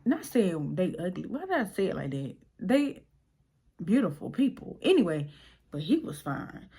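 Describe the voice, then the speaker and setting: A young woman vlogger telling a casual storytime tale, animated and slangy, acting out the people in it. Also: on the low side, normal speed, breathy edge. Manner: animated, slangy, acts out voices.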